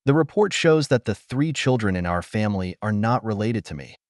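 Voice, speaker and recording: A man reading as a betrayed husband who speaks calmly, coldly and with sarcasm in an audio story. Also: lowish voice, fairly quick, no room sound, studio quality, close to an everyday voice. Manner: calm, cold, sarcastic. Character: cold, betrayed middle-aged husband.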